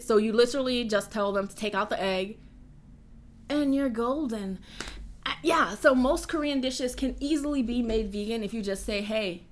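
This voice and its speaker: A woman's voice: on the high side, fairly bright tone. A young woman from the United States chatting casually on a live stream from home, rambling and reading out donor messages.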